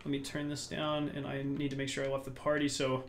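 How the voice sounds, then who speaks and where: A man's voice: medium pitch, completely flat delivery, brisk, slight background noise. A young man hosting a casual gaming podcast from home, rambling upbeat with many restarts. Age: young adult. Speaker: podcast host.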